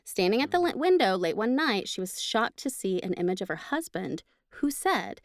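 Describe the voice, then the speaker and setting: A woman's voice: medium pitch, dry recording. Dry-voiced woman reading a ghost story. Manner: lively, laughs between lines, slows for spooky parts. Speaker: podcast host. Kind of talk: reading a ghost story aloud with chatty asides.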